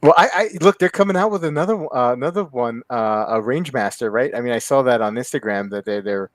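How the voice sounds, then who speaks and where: A man hosting a casual group talk about watches, chatty and full of questions and quick restarts. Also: medium pitch, lively intonation, dry recording. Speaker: podcast host.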